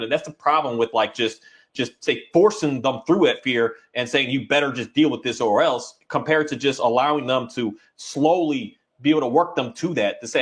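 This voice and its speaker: A man who works as a dog trainer, talking in a casual, rambling and halting way, now and then voicing his dog's thoughts. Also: a little high, expressive. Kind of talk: casual conversation.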